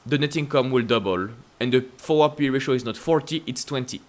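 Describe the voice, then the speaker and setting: A man with a French accent hosting casual stock-market commentary, asking emphatic rhetorical questions and jumping up in pitch to stress points. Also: quick pace. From France. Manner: emphatic, repetitive rhetorical questions with sudden upward pitch leaps. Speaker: investing channel host.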